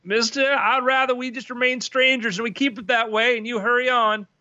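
A man's voice: very high voice, fairly even intonation, a little fast, pushed and bright, no room sound, highs cut off, pitched above the performer's own voice, full character voice. A man voicing a wary, unfriendly townsman who speaks curtly and keeps his guard up. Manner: curt and guarded.

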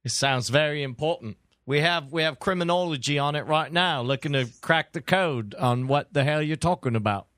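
A man's voice: a little high, moderate pace, few pauses, fairly bright tone, dry recording, clean studio sound. A man hosting a podcast, chatting casually and teasing his co-hosts. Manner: teasing, joking. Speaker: podcast host. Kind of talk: casual chat.

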